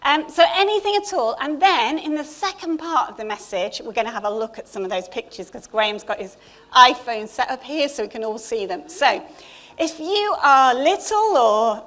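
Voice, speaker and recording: A middle-aged English woman speaks from the front of a church, her voice sitting high. She preaches in a loose, conversational way, full of small asides and gentle humour. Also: brisk. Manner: chatty and warm, with asides. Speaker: church leader. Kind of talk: informal Easter sermon. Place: church hall.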